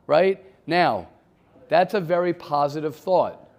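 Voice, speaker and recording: A man's voice: sits high, expressive, measured pace, a little mellow. A man giving an informal Torah class in a conversational way, often repeating phrases and taking questions from students.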